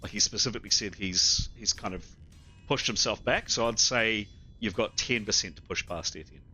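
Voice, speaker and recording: A man running a tabletop game as game master, talking in halting bursts and repeating words as he rules. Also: lowish voice, sharp tone, faint music behind.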